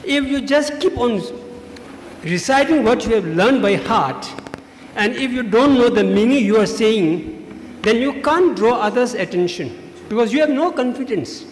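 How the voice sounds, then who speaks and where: A high-voiced man lectures students on debating as a judge. He drives his points home with steady repetition. His voice carries through a large, echoing school hall with a long reverb tail. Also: measured pace, slight background noise. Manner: instructive, emphatic, repeats key points. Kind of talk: feedback speech to students. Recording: echoey hall, faint ambience.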